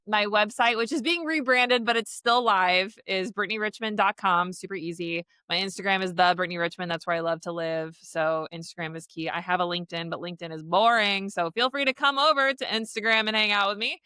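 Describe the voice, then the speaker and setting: A woman's voice: medium pitch, sharp tone, smooth, dry recording. A woman in her thirties, a podcast guest and speaker, chatting casually, laughing often and quoting herself. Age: 30s. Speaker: podcast guest, teen mental health speaker. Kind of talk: casual interview chat.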